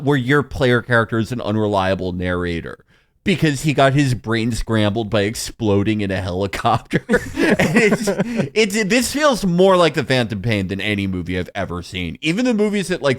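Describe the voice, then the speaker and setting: A man's voice: medium pitch, big pitch swings, moderate pace. A man co-hosting a podcast, rambling enthusiastically through comparisons. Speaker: podcast co-host. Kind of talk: casual comedic film review.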